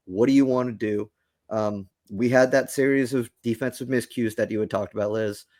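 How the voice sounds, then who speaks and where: A man's voice: fairly low pitch, a little mellow, no room sound, clean studio sound. A man co-hosting a sports podcast, bantering and breaking down the game in a joking, casual way. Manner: joking, self-promoting banter. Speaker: podcast co-host.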